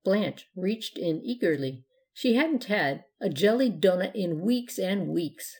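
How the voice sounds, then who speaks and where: A woman reading a children's story aloud at a measured pace. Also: medium pitch, expressive, darkish tone.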